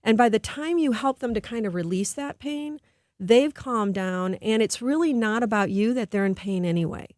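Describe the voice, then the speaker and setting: A woman's voice: on the high side, normal speed, darkish tone, dry recording. A middle-aged woman speaks earnestly into a studio microphone as a radio interview guest. She explains her ideas with care and slips into livelier voices when she quotes people. The sound is close and dry. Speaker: guest expert on behavior.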